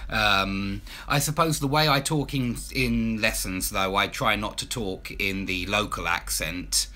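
A man with an Estuary English accent from Essex answers viewers' questions as an English teacher. His voice is bright and forward, and he talks loosely, with frequent ums and restarts. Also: on the low side, measured pace. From Southend, Essex, England. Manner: casual, chatty, many ums and restarts. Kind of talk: live Q&A stream.

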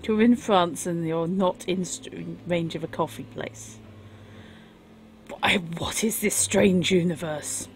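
Slow-talking wry woman streamer. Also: on the low side. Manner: wry and chatty. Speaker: game streamer. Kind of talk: casual live game commentary.

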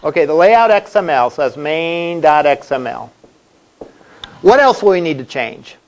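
A man's voice: a little high, big pitch swings, takes it slowly. A male college instructor giving a classroom lecture in a conversational way, asking the class questions as he goes.

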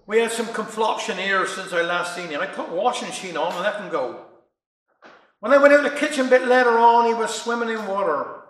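Brief: a man as a flustered older Cornish housewife, rambling in broad dialect, high and bright, roomy echo. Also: expressive, brisk, distant mic. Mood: gossipy.

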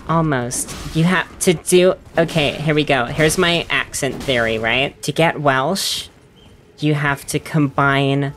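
A woman with a low voice ambles through casual gameplay commentary, slow and unhurried. She rambles, laughs at herself and downplays her own attempts. Faint game music plays underneath. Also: fairly bright tone. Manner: rambling, self-deprecating, giggly. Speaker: gaming video host.

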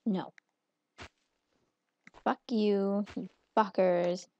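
A woman's voice: mid-range voice, fairly even intonation, very slow, darkish tone, dry recording. A young woman giving casual gameplay commentary as a channel host, rambling, swearing freely and joking at her own expense. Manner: profane, rambling, self-mocking. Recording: muffled lo-fi home recording.

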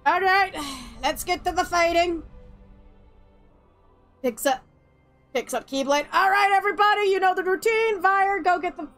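A woman's voice: very high voice, normal speed, pauses often, a bit bright, faint music behind. A young woman giving casual, sarcastic gameplay commentary, swearing freely and laughing often. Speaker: let's play streamer.

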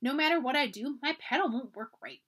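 A woman's voice: sits high, fairly quick, fairly bright tone, husky. A woman reading as a chatty young girl camper. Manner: cheerful, talkative.

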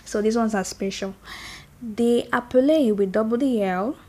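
A woman's voice: fairly high pitch, mellow. A woman teaching a French grammar lesson, reciting conjugations and often checking in with "okay?". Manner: slow and deliberate, repeats conjugations aloud, checks in with "okay?". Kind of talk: explaining grammar, slow drill-style lesson.

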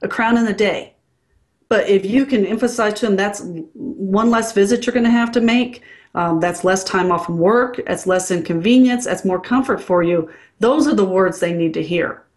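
A woman's voice: mid-range voice, moderate pace. A woman working as a dental consultant, speaking frankly and bluntly in a casual interview.

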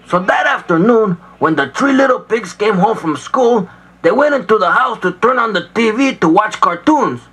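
A man's voice: high voice, expressive, normal speed, a bit bright, slightly rough, rough recording. A man telling a comic children's story on a comedy record, in a loose, playful way that keeps jumping into voices. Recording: vinyl record with faint noise.

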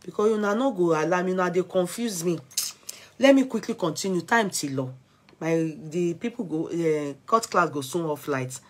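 Nigerian woman, husky voice, excitable gossip chatter, vlogger. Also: on the low side, normal speed. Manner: excitable, mixing Pidgin and Yoruba, laughing asides. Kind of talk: animated gossip commentary.

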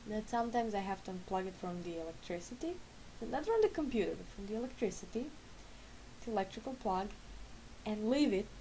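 Still sleepy after getting up, a woman in her late twenties who vlogs and games chats casually at home, rambling and revising herself mid-thought. Her voice is a little high and a little mellow, on a low-quality recording with slight background noise.

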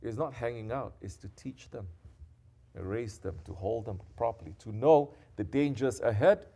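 Using a mid-range voice with vocal fry at a moderate pace, a man delivers a sermon as a sheikh. He shifts between soft, intimate thoughts and loud, scolding calls to action, mixing in Arabic devotional phrases.

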